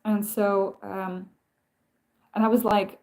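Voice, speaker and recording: Speaking slowly in a medium-pitched, slightly mellow voice with flat delivery, a woman chats casually on a live stream and answers viewer comments. Her stories wander, and she keeps interrupting herself and starting over.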